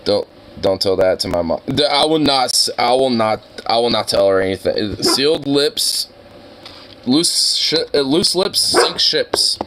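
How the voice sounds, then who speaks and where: A man's voice: mid-range voice, animated, measured pace, a bit bright, a little hiss or hum. A man chatting casually on a live stream, rowdy and profane, laughing often. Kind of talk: casual chat.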